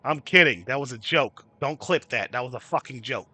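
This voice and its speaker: A man's voice: mid-range voice, animated, fairly quick, sharp tone, slightly rough, no room sound. A man hosting a casual livestream, ranting and chatting with viewers by name, cursing freely. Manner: swearing freely. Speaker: livestream host.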